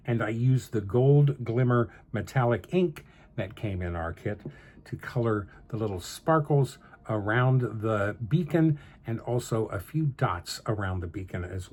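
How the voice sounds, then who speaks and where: A man's voice: mid-range voice, breathy edge. A man hosting a card-making tutorial, chatting through each step and chuckling between remarks. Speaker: card-making channel host. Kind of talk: crafting tutorial narration.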